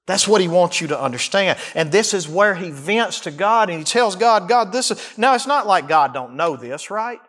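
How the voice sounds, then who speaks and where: A man preaching a sermon as a pastor, rising to near-shouts and dropping low as he voices the psalmist's cries. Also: lively intonation, moderate pace, few pauses. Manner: acts out the psalmist's cries in first person.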